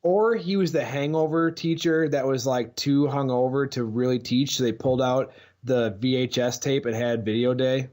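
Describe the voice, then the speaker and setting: A man co-hosting a casual sports podcast, joking and swearing in animated banter. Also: medium pitch, normal speed, few pauses. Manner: animated, swears, jokey bits. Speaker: podcast co-host.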